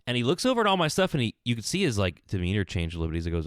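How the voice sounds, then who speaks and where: A man hosting a solo podcast from a small closet, telling stories in an animated, exasperated rant. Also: lowish voice, racing, hardly any pauses, no room sound, studio quality. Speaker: podcast host. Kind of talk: solo ranting podcast monologue.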